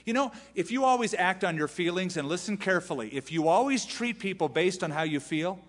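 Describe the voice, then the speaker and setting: Lively preaching man in a big echoing hall. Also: sits high, a little fast. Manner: animated preaching, acting out scripture quotes. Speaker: pastor. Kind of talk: sermon.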